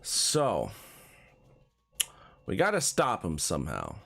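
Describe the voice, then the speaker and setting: A man streaming a card game, chatting casually with a friend while he plays and laughing often. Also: vocal fry. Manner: animated, quick swings in pitch, laughs often. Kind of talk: casual gameplay commentary with banter.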